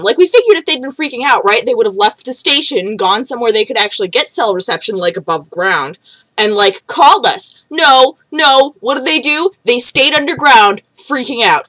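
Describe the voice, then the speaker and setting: A woman's voice: fairly high pitch, a bit bright, no echo, low-quality recording. Rambling young woman, dry close sound. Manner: rambling, swears often, many fillers. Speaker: vlogger. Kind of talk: casual storytelling.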